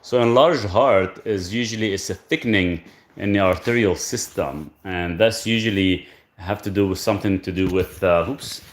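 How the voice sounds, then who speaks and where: A man from Lebanon hosting a casual livestream, answering viewers' health questions in a relaxed, rambling way. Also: sits low, normal speed. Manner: relaxed, rambling, talks softly to his dog between questions. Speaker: health channel host answering live chat.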